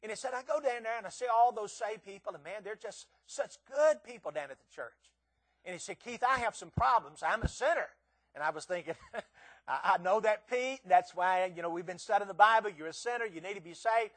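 A man's voice: high-pitched, brisk. A man preaching a revival sermon, telling stories and acting out quoted voices with emphatic rises and drops. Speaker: visiting preacher.

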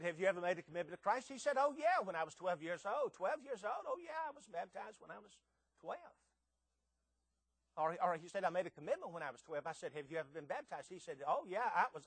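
Emphatic high-voiced male preacher. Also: no room sound. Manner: emphatic, rising to loud peaks with rhetorical questions; stammers and repeats words. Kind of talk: sermon.

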